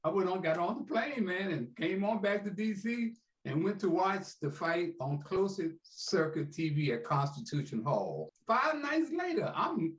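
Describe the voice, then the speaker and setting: A man in his seventies telling a story in a folksy, animated way, often adding "man" to his sentences. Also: high voice. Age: 70s. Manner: folksy, peppers speech with "man". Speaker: interviewee, veteran sports talk host. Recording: echoey room.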